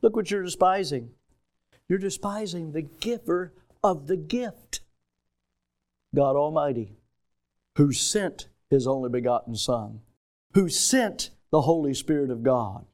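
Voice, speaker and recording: High-voiced man preaching emphatically. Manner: emphatic preaching that swings between loud stresses and hushed asides. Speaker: pastor. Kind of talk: sermon.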